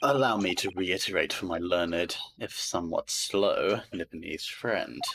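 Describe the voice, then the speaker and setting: A man's voice: sits low, a bit bright, slight background noise. A man voicing a haughty, condescending aristocratic prosecutor while reading game dialogue aloud. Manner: pompous, sneering, drawn-out delivery.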